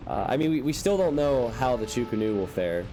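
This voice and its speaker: A young man casting a strategy game live, excitable and quick to jump into high shouts at big plays. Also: a little hiss or hum. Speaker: game caster.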